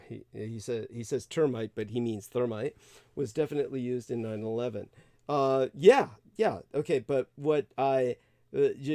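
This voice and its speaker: A man hosting a livestream in casual talk, halting, with many fillers, restarts and soft laughs. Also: medium pitch, dry recording, studio quality. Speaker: livestream host.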